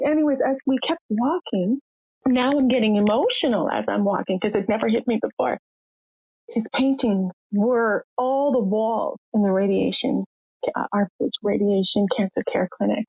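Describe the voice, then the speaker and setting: An older woman from Canada, appearing on a podcast, recounts her personal history with raw candor and emotion, imitating the people involved. Her mid-range voice is creaky and husky at a normal speed. Expect a dry, muffled, lo-fi recording.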